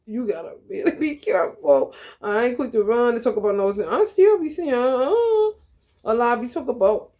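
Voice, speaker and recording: A woman's voice: medium pitch, lively intonation, moderate pace, dark tone, a little hiss or hum. A woman hosting a spiritual channel, talking in a blunt, profane, streetwise way as she reads scripture aloud and riffs on it in a casual monologue.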